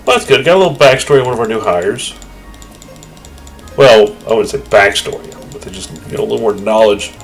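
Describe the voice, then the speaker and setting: A man's voice: lowish voice, a little fast, faint music behind, rough recording. A man casually commenting on his space game and reading its dialogue aloud. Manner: chatty, offhand, yawning. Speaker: gaming YouTuber.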